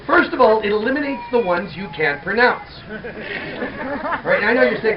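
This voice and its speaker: A middle-aged man doing stand-up comedy for a festival crowd, animated and shouting out names. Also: high voice, normal speed, dull audio. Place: outdoor festival stage. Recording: distant crowd-noise camera audio.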